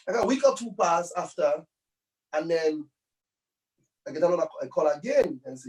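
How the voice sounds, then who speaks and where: A man's voice: fairly high pitch, expressive, normal speed, long pauses, far from the mic, low-quality recording. A man, a musician guest, telling rambling stories in a casual interview, full of tag phrases.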